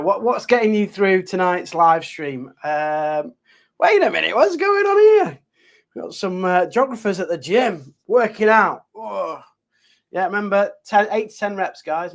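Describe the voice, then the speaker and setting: A man with a Yorkshire accent chats to his students on a live stream as their geography teacher, upbeat and loose, with plenty of fillers and restarts. His voice sits a little high for a man, and he talks into a desk mic at his computer. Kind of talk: casual live stream chat.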